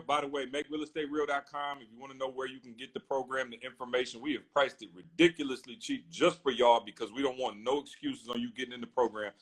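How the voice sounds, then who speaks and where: A man's voice: medium pitch, fairly even intonation, fast, few pauses, breathy edge. A man hosting a casual live-stream chat, hyped and promotional, acting out viewers' questions. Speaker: host. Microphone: phone on a live stream.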